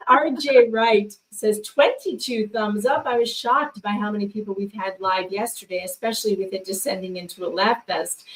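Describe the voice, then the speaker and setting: A woman's voice: a little high, a bit bright, far from the mic, poor audio. A woman co-hosting a casual livestream, reading viewer messages and joking around. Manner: joking, giggly, teasing. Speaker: livestream co-host. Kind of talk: casual livestream chat reading super chats. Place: hotel room.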